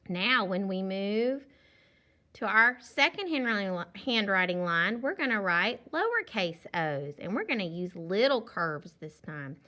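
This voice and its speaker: A woman who teaches kindergarten leads young children through a virtual phonics lesson, slowly drawing out the sounds of short words and praising them patiently. Her voice is medium in pitch, bright and forceful.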